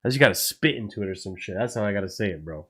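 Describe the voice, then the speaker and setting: A man hosting a live football watchalong stream, excitable and swearing a lot, with loud outbursts at big moments. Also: on the low side, racing, slightly rough. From United States. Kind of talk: live match reaction stream.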